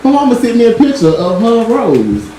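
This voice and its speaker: Animated high-voiced man doing stand-up. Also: moderate pace, background noise. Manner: profane, animated storytelling with frequent laughs. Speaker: stand-up comedian. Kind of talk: stand-up comedy set. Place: live comedy venue with audience. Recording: echoey live room, distant mic, loud crowd. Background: audience laughter.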